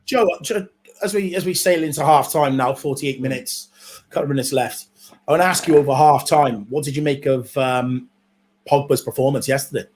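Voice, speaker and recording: A man's voice: mid-range voice, fairly quick, a little mellow. A man from Wales co-hosting a live football watchalong, bantering playfully with his co-host and the viewers. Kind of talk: casual live match chat.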